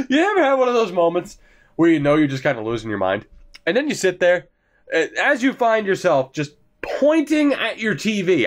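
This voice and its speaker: Excitable young man calling a hockey game. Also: a little high. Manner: excitable, swings between mutters and shouts; joking, swears freely. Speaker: gaming commentator. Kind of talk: casual game commentary.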